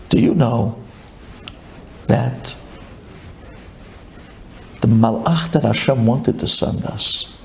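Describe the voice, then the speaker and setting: A male rabbi delivers a sermon, telling the story dramatically and working Hebrew and Yiddish terms into his English. His storytelling is animated, with big swings in pitch and volume.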